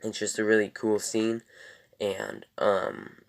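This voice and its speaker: Young male reviewer, deep and gravelly, animated delivery, loose and rambling. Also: slow. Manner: rambling and loose, many ums and self-corrections. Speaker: TV episode reviewer. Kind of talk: casual episode review.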